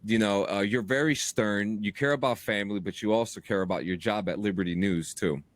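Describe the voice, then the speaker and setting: A man hosting a casual podcast chat, talking with lively restarts and stammers as he pitches roles in his audio drama. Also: brisk, dry recording.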